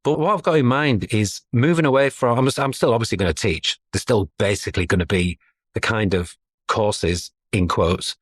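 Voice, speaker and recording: A man's voice: fairly low pitch, normal speed, breathy edge, no room sound, clean studio sound. A middle-aged man, talking as a guest in a casual podcast interview, chatty and self-deprecating. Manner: chatty, self-deprecating, laughs between thoughts.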